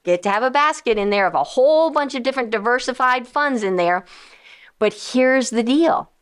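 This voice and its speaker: Animated woman financial advisor talking to listeners. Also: a little high, moderate pace, smooth. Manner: animated, acts out quoted voices of investors and funds. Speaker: financial advisor and radio host. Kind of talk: casual explanatory talk to listeners.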